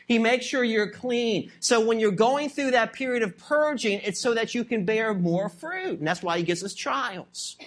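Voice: mid-range voice, fairly bright tone. A pastor preaching a sermon emphatically, repeating key phrases and asking the congregation rhetorical questions.

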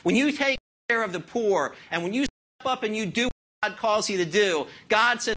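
A middle-aged pastor preaching a sermon, asking the congregation rhetorical questions and swinging between loud declarations and quiet asides. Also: mid-range voice, lively intonation, moderate pace.

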